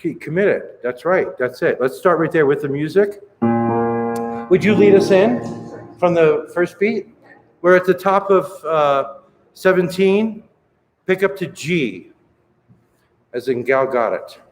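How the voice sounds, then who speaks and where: A man leading a choir rehearsal, counting in and coaching singers with brisk encouragement. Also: a little high, expressive. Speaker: choir director. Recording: reverberant hall with music playing.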